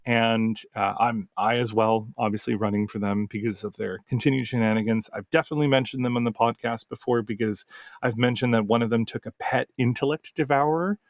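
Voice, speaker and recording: Male game master and podcast host, gravelly, dry close sound, rambling casual storytelling. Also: medium pitch, steady tone, fairly quick, no echo. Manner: rambling, full of fillers and restarts.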